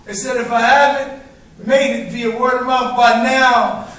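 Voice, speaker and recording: A man with a high voice delivers spoken word poetry at a live open mic, rhythmic and emphatic in his phrasing. He is heard from some distance through a very echoey room, with faint noise underneath. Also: steady tone, unhurried, a bit bright. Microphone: stage microphone.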